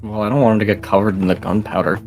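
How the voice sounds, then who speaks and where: A man's voice: lowish voice, steady tone, gravelly, soft background music. A man playing in a tabletop game, giggly and laid-back. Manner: giggly, drawn-out. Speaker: player. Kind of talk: casual tabletop play.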